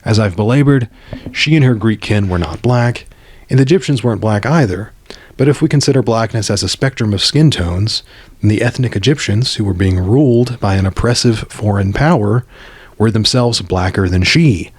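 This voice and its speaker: A man's voice: lowish voice, moderate pace, husky, no room sound. An American man delivering a scripted commentary monologue in a blunt, opinionated way, swearing freely. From United States.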